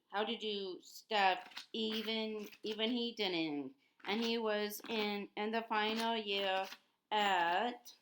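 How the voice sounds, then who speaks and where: A woman's voice: medium pitch, a bit bright, a little hiss or hum, low-quality recording. A woman reading an earnest teenage schoolgirl witch. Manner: insistent, restarting often.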